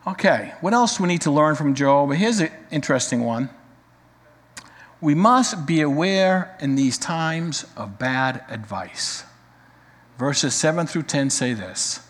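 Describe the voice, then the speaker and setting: Preacher in a ringing church hall. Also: male voice, a little high, expressive, measured pace. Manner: dramatic, swings from loud emphasis to quiet, rhetorical questions. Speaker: pastor. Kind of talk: sermon.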